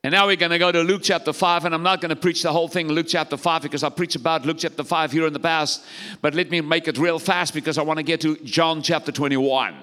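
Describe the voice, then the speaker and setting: A man's voice: on the high side, steady tone, fast, bright, forceful tone, in a large hall. A man preaching as pastor, exhorting the congregation and calling for their responses. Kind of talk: sermon.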